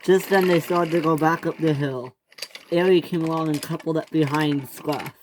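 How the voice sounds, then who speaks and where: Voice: fairly even intonation, moderate pace, a little hiss or hum. A storyteller narrating a toy train story with many restarts and self-corrections. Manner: acts out each character's lines in higher, louder voices.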